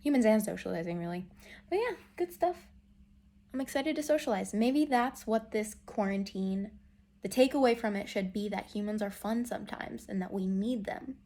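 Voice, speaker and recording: A woman's voice: medium pitch, brisk, dark tone. A young woman vlogging casually from a hotel room, chatty and self-mocking, with many fillers. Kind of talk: casual vlog chat.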